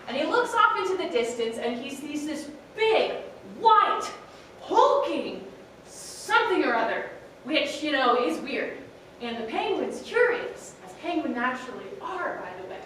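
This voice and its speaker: A woman's voice: high voice, a bit bright, slight background noise. A woman telling a comic animal story on a theatre stage, playful, with chatty asides. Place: theatre stage, live performance. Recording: roomy hall, voice from far off.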